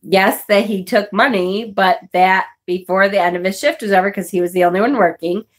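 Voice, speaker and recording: A woman's voice: medium pitch, a little fast. A woman vlogger telling a personal story in a casual, chatty way, swearing and laughing often.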